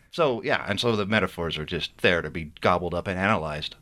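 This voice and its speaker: A man's voice: sits low, a little fast. A man, an author, chatting playfully in an interview and reading his book aloud. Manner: playful, animated.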